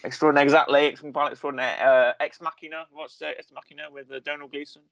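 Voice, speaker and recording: A man's voice: fairly high pitch, little pitch movement, rapid-fire, vocal fry, fairly bright tone, muffled recording. A British man co-hosting a casual chat, rambling and jokey, often hesitating while he hunts for a word. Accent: British English. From England. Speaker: podcast co-host.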